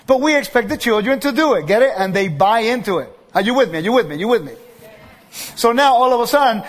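Male preacher with a strikingly high voice, lively sermon delivery that acts out characters' lines, recorded in a hall with a long echo. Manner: keeps checking in with the audience and acts out quoted voices.

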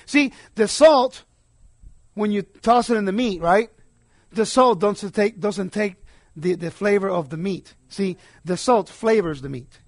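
A man preaching a sermon, emphatic, swinging between quiet asides and loud declarations. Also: high-pitched, unhurried, no echo, clean studio sound.

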